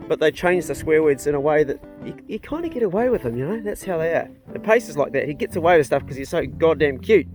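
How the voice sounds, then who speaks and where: A man's voice: a little high, expressive, fast, hardly any pauses, darkish tone, soft background music. A middle-aged man from New Zealand chatting casually outdoors on his farm, folksy and rambling, talking to his dogs. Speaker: vlogger and hunter. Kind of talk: casual outdoor vlog chat.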